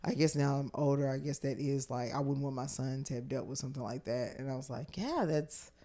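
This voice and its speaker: Woman comedian guest on a podcast, animated storyteller, goes quiet then loud, lots of likes and restarts. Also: a bass voice, fast talker. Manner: animated storyteller who acts out quotes with big swings from hushed to loud; filler-heavy speech with many likes and restarts. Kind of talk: casual podcast chat.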